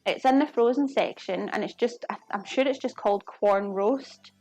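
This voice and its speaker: Speaking with a Glasgow Scottish accent, this young woman chats away to her live-stream viewers as she cooks, friendly, apologetic and laughing easily. Her mid-range voice has a darkish tone, with no room sound and faint music in the background.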